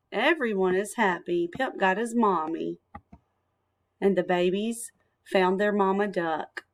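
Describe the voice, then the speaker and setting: A woman teacher reading a picture book aloud to young children, in a gentle, sing-song storytelling manner with phonics asides. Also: mid-range voice, slow, long pauses.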